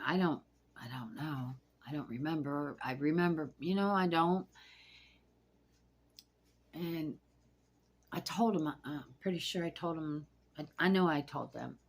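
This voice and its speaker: A woman with a low, husky voice tells a personal story to camera. She rambles and halts, dropping into hushed asides, and sounds shaken and anxious throughout. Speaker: vlogger telling a personal story.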